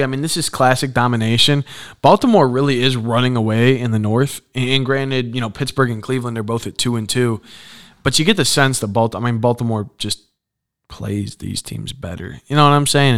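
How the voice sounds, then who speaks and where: Smooth-voiced young man recapping football. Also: medium pitch, a bit bright. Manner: loose slangy delivery, reads stat lines then riffs. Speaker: podcast host. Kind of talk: casual sports podcast recap.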